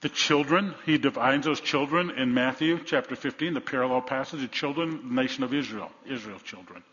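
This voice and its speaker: In a dull, lo-fi recording from an echoey hall, a man preaches as pastor with a mid-range, slightly bright voice at a brisk pace. He's earnest, repeats himself, and puts questions to his listeners.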